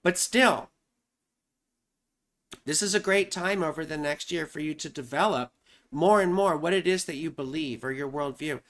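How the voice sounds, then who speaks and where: A woman's voice: low-pitched, moderate pace, long pauses. A woman astrologer explaining horoscopes in a loose, chatty way, often saying "you know" and "right?".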